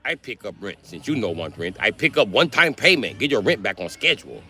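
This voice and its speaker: A man voicing a stingy old male landlord who scolds in high, shrill broken English. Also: very animated, fast, sharp tone, breathy edge, soft background music, exaggerated voice. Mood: scolding.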